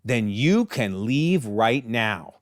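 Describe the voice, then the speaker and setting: A man voicing a fiercely loyal young wife who speaks slowly and firmly. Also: mid-range voice, sing-song, no room sound, studio quality.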